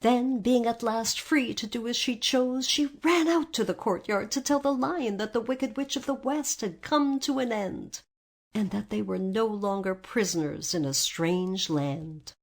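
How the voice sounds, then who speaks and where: A woman narrating a storybook aloud in an expressive read-aloud manner. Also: on the high side, measured pace.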